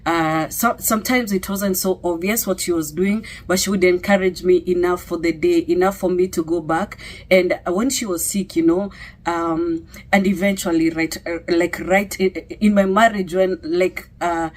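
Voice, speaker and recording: Chatty Kenyan woman with lowish voice. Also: fairly even intonation, normal speed, darkish tone. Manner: conversational, many fillers and tag questions. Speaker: speaker sharing testimony. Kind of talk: personal testimony talk.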